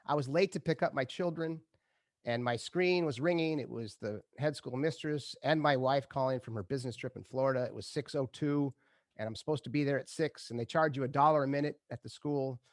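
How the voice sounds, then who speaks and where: A middle-aged retired ad executive appears as an interview guest, animatedly telling stories, acting out quotes, and laughing often. His voice sits at medium pitch and moves fairly quickly, captured in clean studio sound with no echo.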